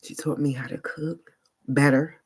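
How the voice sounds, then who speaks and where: A woman's voice: low-pitched, steady tone, a little slow, breathy edge. A woman telling a personal story on a vlog in a casual, slangy and emphatic way, with frequent "like" fillers. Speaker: vlogger.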